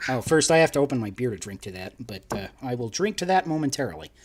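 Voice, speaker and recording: A man's voice: mid-range voice, sing-song, quick pace, background noise. A young man co-hosting a casual podcast live stream, rambling and laughing as he talks, with frequent restarts. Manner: rambling, laughing, self-interrupting. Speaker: podcast co-host.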